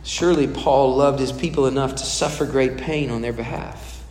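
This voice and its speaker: A pastor preaching a sermon in a conversational way, putting questions to the congregation. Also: male voice, medium pitch, steady tone, moderate pace, darkish tone, slight background noise. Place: church hall. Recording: echoey hall with long reverb.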